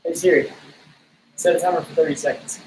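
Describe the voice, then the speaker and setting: A man's voice: a little high, steady tone, a little fast, a little mellow, roomy sound, distant mic, slight background noise, rough recording. A man coaching a live workout while exercising himself, out of breath and urging viewers on as he counts reps. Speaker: fitness coach.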